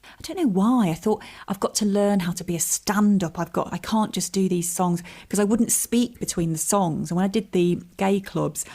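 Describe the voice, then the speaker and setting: A woman comedian and writer, guesting on a podcast, chats in a relaxed interview and tells self-deprecating stories with laughs. Her voice is mid-range with a darkish tone.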